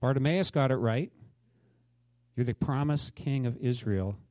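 A man in his fifties preaching a sermon, telling stories dramatically and swinging between loud exclamations and hushed asides. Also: medium pitch, unhurried, no echo. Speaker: pastor.

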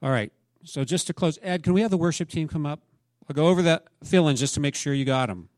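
A middle-aged man preaching a sermon as pastor, rising to emphatic peaks and then dropping soft. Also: fairly high pitch, fast talker, no echo.

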